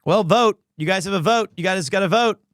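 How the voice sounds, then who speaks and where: A man's voice: high voice, brisk, fairly bright tone, dry recording, studio quality. A man streaming a game live, commenting playfully and animatedly as he plays.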